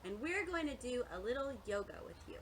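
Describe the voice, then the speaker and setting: A woman's voice: fairly high pitch, big pitch swings, fast talker, fairly bright tone, slight background noise. A woman teaching a playful yoga class for children and families, talking in a sing-song way, singing and making animal sounds. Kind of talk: playful kids' yoga instruction with songs and a story.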